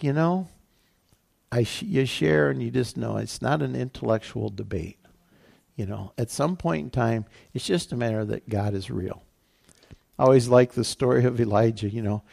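A man's voice: medium pitch, creaky, a little mellow. A man, a pastor, giving a casual, conversational sermon with lots of fillers.

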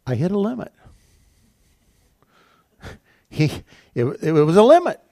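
A man's voice: sits high, wildly swooping pitch, a little slow, creaky, mellow, no room sound. An older man preaching a sermon as pastor, telling a personal story in a conversational way with frequent restarts. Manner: conversational, storytelling with self-corrections.

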